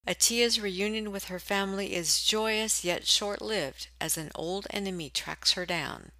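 A woman hosting an audiobook podcast, reading a scripted introduction in a clear, upbeat way. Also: medium pitch, unhurried, sharp tone, dry recording. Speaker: podcast host.

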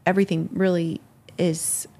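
Gravelly woman reflecting on leadership. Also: fairly low pitch, little pitch movement, moderate pace, warm tone. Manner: rambling, self-reflective, laughs easily. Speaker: ministry leader. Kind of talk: reflective interview answer.

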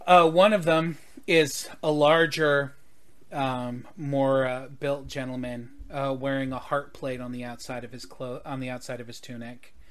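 A man's voice: medium pitch, little pitch movement, a little slow. A man narrating a tabletop game as game master, with rambling, hesitant delivery and plenty of fillers.

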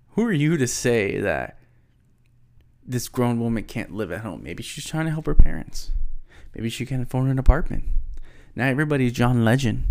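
A man's voice: mid-range voice, a little mellow. A man in casual commentary, reading song lyrics aloud and reacting with rambling disbelief and many fillers.

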